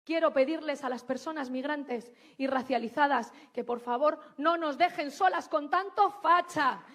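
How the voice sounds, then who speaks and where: A woman's voice: high-pitched, a little fast, a bit bright. A woman giving an emphatic, rallying political speech.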